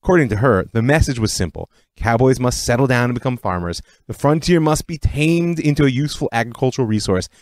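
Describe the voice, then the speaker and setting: Lively and scripted, this podcast host's history narration unfolds as a story. He has a mid-range voice, captured in a dry recording.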